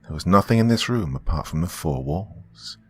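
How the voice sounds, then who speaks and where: A man hosting a horror podcast, narrating a first-person horror story in a slow, brooding way. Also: low-pitched, expressive, husky, no room sound.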